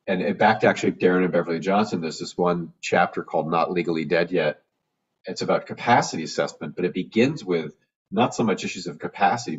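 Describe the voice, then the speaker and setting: Doctor guy on a video call, kinda low voice, super animated, husky and far from the mic. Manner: animated, acts out quoted voices. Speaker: physician guest. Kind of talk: conversational interview. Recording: dull lo-fi video call audio from a distance.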